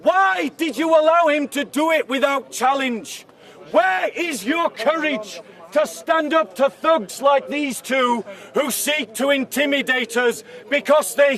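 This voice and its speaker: A man giving an open-air debate speech outdoors, shouting repeated accusing questions at the people around him. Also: very high-pitched. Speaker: street speaker. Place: outdoor park speaking area. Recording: distant mic, crowd around.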